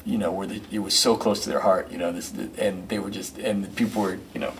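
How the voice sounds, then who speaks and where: A middle-aged man with a lowish voice rattles off rambling stories quickly, filling the gaps with casual fillers. He sits a little way back from the mic, and a faint hiss runs underneath. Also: creaky. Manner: rambling, filler-heavy, animated storyteller. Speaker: musician and record producer, guest. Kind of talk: casual storytelling interview. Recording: distant mic with faint noise.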